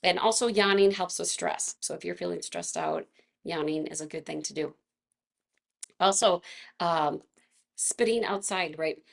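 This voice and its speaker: Gravelly-voiced woman teaching a gentle class. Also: lowish voice, unhurried, long pauses. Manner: chatty and gentle, laughs often. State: slightly froggy voice from vocal fatigue. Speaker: movement class instructor. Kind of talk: casual live online class instruction.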